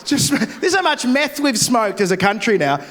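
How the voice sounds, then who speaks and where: A man's voice: very high-pitched, sing-song, a bit bright. A young Australian man doing a brash, crude stand-up set on a festival stage, speaking into a handheld mic. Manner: brash, crude, rapid-fire. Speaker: stand-up comedian.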